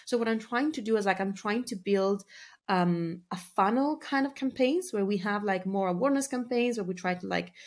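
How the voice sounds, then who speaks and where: A woman's voice: medium pitch, moderate pace. A woman speaking as a marketing guest on a podcast, talking in a chatty, filler-heavy casual way and laughing easily. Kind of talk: casual interview talk.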